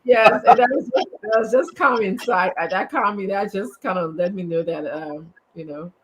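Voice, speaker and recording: A woman on a talk show, chatting in a lively way, laughing and thanking people. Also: medium pitch, moderate pace, slight background noise, poor audio. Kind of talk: casual talk show chat.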